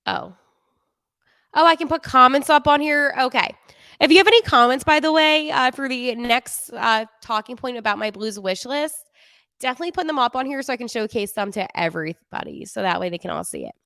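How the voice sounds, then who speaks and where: High-pitched, pushed and bright, a young New Jersey-accented woman speaks a little fast while hosting a livestreamed hockey recap. She's chatty and pokes fun at herself throughout. The recording is clean studio sound with no room sound.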